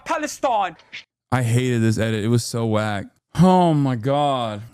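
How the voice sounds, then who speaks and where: A man in his thirties giving live-stream reaction commentary, ranting in an exasperated, profane way, his voice jumping sharply up in pitch when he gets worked up. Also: unhurried, a little mellow, smooth, no echo, clean studio sound. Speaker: political streamer.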